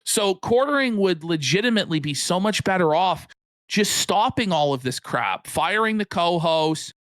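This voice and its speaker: A man's voice: high voice, moderate pace, no room sound. A man co-hosting a live stream, mocking and ranting at length in sarcastic commentary. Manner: mocking, animated, rants at length. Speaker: co-host.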